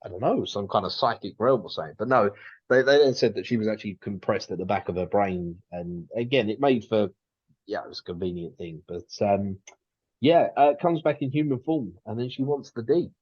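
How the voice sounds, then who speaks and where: A man's voice: on the low side, animated, brisk, breathy edge, muffled recording. A man co-hosting a podcast, chatting casually and rambling with lots of restarts and fillers. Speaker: podcast co-host.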